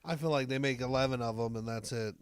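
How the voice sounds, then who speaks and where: A man with a smooth, clear voice chats casually on a podcast and drops dry, teasing jokes. His pitch is ordinary. The sound is close and dry. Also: quick pace, no echo. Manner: dry teasing quips, laid-back. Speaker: podcast co-host. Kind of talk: casual chat.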